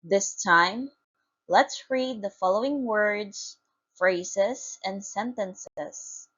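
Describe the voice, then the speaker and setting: A woman's voice: mid-range voice, a bit bright, muffled recording. A woman teacher reading a phonics lesson aloud, spelling out letters and repeating each word with care. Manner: slow, deliberate, spells out letters.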